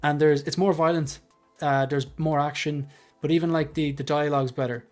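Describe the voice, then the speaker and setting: A man hosting a casual panel livestream, joking and tossing quick asides to the chat. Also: on the high side, steady tone, faint music behind. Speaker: livestream host.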